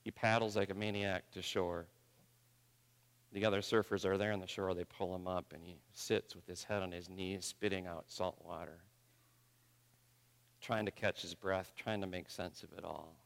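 A man's voice: sits low, steady tone, normal speed, creaky. A man preaching a sermon, moving between impassioned appeals, prayer and vivid storytelling. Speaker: pastor. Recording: long hall reverb.

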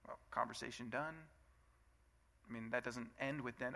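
A man's voice: mid-range voice, fairly even intonation, moderate pace, vocal fry, long pauses, bright, forceful tone. A man in his thirties preaching a sermon in a conversational way, asking rhetorical questions and acting out both sides of everyday arguments. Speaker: pastor.

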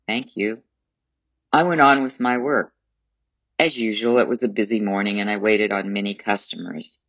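Guy reading a memoir, formal and measured, dull muffled audio, dry sound. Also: fairly low pitch, steady tone, fairly bright tone, no echo. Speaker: narrator.

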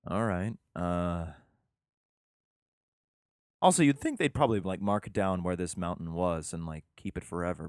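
A man with a fairly low voice reads scripture aloud in a mock-solemn cadence, then drops into casual, profane, sarcastic asides. The sound is dry and close. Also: expressive, moderate pace, long pauses, a little mellow, no room sound. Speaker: reader commenting on scripture. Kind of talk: casual irreverent commentary with scripture reading.

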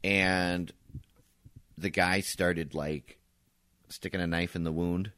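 A man's voice: low voice, takes it slowly, smooth, no echo, clean studio sound. A man co-hosting a podcast, telling stories in casual chat and swearing freely. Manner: relaxed storytelling, swears freely. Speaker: podcast co-host.

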